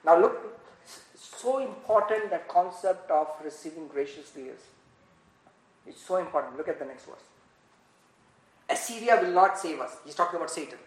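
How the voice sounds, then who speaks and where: A pastor preaching a sermon in an animated way, often laughing and acting out little dialogues. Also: mid-range voice, moderate pace, echoey room, poor audio.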